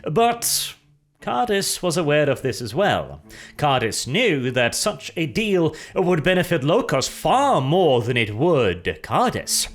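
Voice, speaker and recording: A man casually retelling lore as a storyteller, animated and jokey, with asides and laughter. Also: fairly high pitch, slow, faint music behind.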